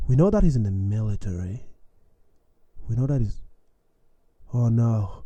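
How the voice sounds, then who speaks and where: Young man for a casual storytime, very dark warm tone, dry close sound, animated with chuckles. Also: lowish voice, brisk, husky, no echo, highs cut off.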